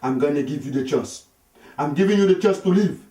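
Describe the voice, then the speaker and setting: A man voicing a jealous, menacing African husband who shouts slow, emphatic threats, with an African accent. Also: fairly high pitch, reverberant, far from the mic, voice pushed up, close to an everyday voice. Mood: furious. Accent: African English.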